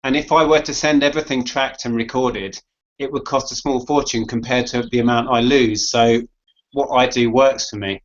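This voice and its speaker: A man's voice: mid-range voice, normal speed. Man reading viewer questions. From United Kingdom. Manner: steady, explanatory, reads questions aloud. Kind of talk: casual podcast chat. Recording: dull lo-fi audio.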